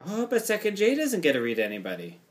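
A man hosting a podcast, chatty with quick asides. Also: high voice, huge pitch swings. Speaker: podcast host. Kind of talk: casual chat.

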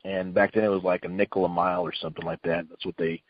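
A middle-aged retired wrestler, appearing as a guest, rambles casually through an old story full of fillers and restarts, acting out what people said. He talks fast in a deep, flat voice, and the recording is dry and muffled.

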